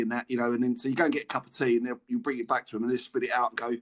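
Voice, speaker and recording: In a relaxed podcast conversation, this former footballer, a middle-aged man from England, spins anecdotes and chuckles through them. He speaks at medium pitch in a level tone, racing along with hardly any pauses.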